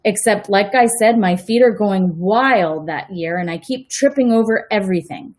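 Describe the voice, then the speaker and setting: A woman's voice: medium pitch, normal speed, darkish tone. A woman who works as a teacher, reading a novel aloud at bedtime and breaking off for chatty, self-correcting asides. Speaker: read-aloud host, teacher.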